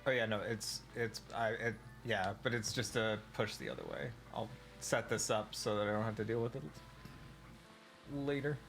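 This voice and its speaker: A man's voice: on the low side, steady tone, moderate pace, gravelly, fairly bright tone, soft background music. Laid-back young man streaming a game. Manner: laid-back, joking, swears casually. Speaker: livestreamer. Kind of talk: casual let's-play chat.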